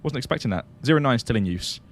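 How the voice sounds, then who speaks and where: A man's voice: medium pitch, animated, quick pace, faint music behind. Chatty man hosting a flight sim stream. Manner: chatty, laughs often, answers chat questions. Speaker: livestream host flying a flight simulator. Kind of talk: casual livestream commentary.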